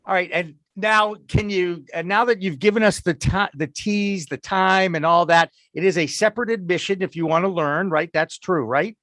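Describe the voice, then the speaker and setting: A man's voice: sits high, moderate pace, few pauses, a bit bright, dry recording, clean studio sound. A man with a Boston accent hosting a live talk show in an upbeat, promotional way. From Boston area.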